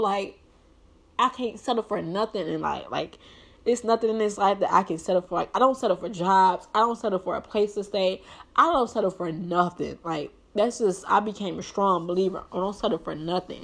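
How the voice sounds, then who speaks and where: Young woman, vlogger, earnest, "like"-heavy, heartfelt advice to viewers. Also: medium pitch. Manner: earnest, heavy use of "like", preachy encouragement. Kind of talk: heartfelt personal talk to viewers.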